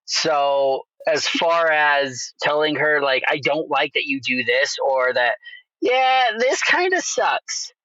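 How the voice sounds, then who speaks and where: A man's voice: medium pitch, level tone, slow pace, hardly any pauses, sharp tone, no echo, dull audio. A man from Utah co-hosting a casual podcast, talking emphatically and swearing heavily. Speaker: podcast co-host.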